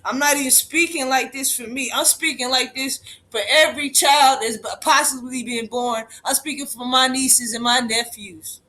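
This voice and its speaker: High, bright-voiced man ranting fiercely. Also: steady tone, normal speed, few pauses. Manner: profane, emphatic, repeating lines for force. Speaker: livestreamer. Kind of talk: impassioned livestream rant.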